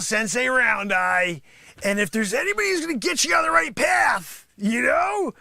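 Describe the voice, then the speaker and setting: A man's voice: sits high, gravelly, dry recording, voice pushed up, heavily acted. A man playing Sensei Round Eye, a bragging sensei. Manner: bragging, worked up, shouting in bursts. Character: boastful self-styled male martial arts sensei. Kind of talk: live improv comedy.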